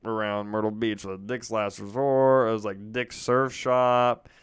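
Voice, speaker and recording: Young guy on a podcast, smooth clear voice, rambling animated stories. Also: unhurried. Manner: animated storyteller, jumps into loud high-pitched impressions. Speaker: podcast co-host. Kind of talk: casual storytelling chat.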